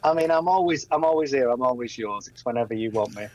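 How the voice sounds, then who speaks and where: A man's voice: medium pitch, quick pace, heavy background noise. A man from England, a guest on a radio show, telling stories in a chatty, good-humoured way. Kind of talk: casual radio banter.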